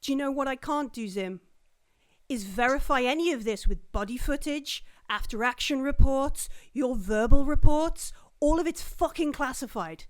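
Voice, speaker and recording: A furious, foul-mouthed female commanding officer, as a woman puts her on, ranting in a fairly high voice that cracks and swears at her marine. The tabletop game's voice is loud and clipped. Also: moderate pace, lightly acted. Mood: scolding.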